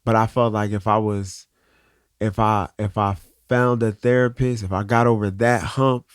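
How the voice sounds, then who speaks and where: Earnest man with a smooth voice. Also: lowish voice, fairly even intonation, dry recording, clean studio sound. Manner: earnest, open, halting restarts. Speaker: guest artist. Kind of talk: candid conversational interview.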